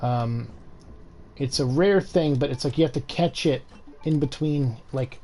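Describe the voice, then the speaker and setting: A man's voice: mid-range voice, measured pace, dark tone. A man giving casual, chatty let's-play commentary as he plays, swearing and laughing along. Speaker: gameplay commentator.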